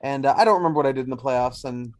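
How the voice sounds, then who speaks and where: A man's voice: mid-range voice, rapid-fire, dry recording. A man hosting a casual sports podcast, chatty and wry, poking fun at himself. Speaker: podcast host.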